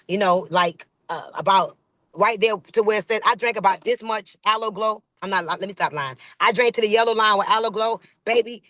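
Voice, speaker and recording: A woman leading a network marketing training call, giving an energetic, preachy sales pitch that repeats phrases for emphasis. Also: no room sound. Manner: hyped, preachy, calls the audience "baby" and "y'all".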